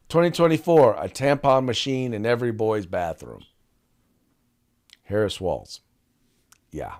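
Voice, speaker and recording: A man hosting a podcast in casual political commentary, chatty and teasing with many restarts and asides. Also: medium pitch. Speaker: podcast host.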